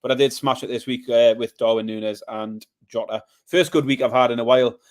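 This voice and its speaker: A man's voice: mid-range voice, fairly even intonation, fairly quick, darkish tone. A man co-hosting a podcast, correcting his friend and defending his picks in a dry, matter-of-fact way. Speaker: podcast co-host. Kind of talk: casual chat.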